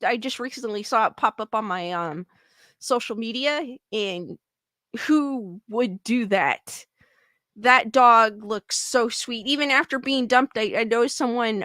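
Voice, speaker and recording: A woman's voice: a little high, bright, forceful tone, no echo, clean studio sound. A woman hosting a livestream who chats casually, reacts to a news clip, and reads comments aloud with rambling exclamations of disbelief. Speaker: livestream host.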